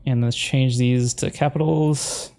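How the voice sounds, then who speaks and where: A man's voice: mid-range voice, steady tone, unhurried, a little mellow. A man, a video creator, talking casually to himself as he edits, muttering instructions and breaking into puzzled exclamations. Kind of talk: casual commentary while editing video.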